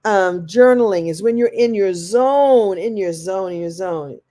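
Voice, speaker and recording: Female coach for a live online class, warm mellow tone, animated, slips into quoted voices. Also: mid-range voice, unhurried. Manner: reads and answers viewer comments. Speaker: motivational coach.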